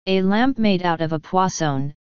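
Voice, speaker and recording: A woman reader voicing a slow, literal-minded male troll sergeant who asks puzzled questions. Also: lowish voice, clear, resonant tone, no echo, lo-fi sound, lightly acted.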